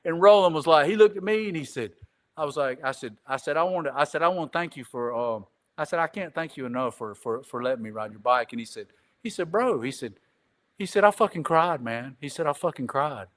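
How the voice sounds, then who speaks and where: A man's voice: fairly high pitch, animated, brisk. A man telling a long casual story as a podcast guest, rambling and repeating "I said," swearing casually. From Greenville.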